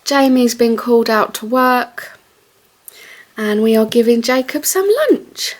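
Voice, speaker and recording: A woman's voice: fairly high pitch, fairly even intonation, unhurried. A young woman chatting casually to camera at home, rambling with lots of fillers. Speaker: vlogger.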